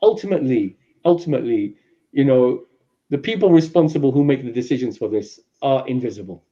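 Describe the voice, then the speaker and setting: A man with a London accent explaining at length on a podcast, acting out quoted people in raised, animated voices. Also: medium pitch, brisk, muffled recording. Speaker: guest speaker. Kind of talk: podcast discussion, lecturing.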